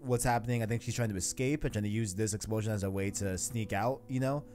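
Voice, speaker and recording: A man's voice: fairly low pitch, fast talker, a little mellow. Rambling, laughing male podcast host. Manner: rambling, self-deprecating, laughs often. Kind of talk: casual podcast chat reading a comic aloud.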